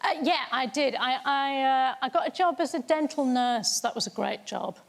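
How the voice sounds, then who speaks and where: A woman's voice: sits high, moderate pace, gravelly. A woman guest on a chat show, telling rambling, hesitant stories about old jobs. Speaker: comedian guest.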